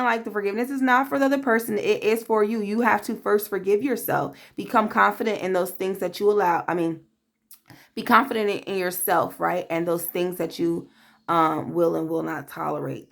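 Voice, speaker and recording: A woman's voice: mid-range voice, steady tone, moderate pace, creaky. A woman doing a tarot reading to camera in a blunt, profane, streetwise manner, calling the listener babe and acting out quoted voices. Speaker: tarot reader.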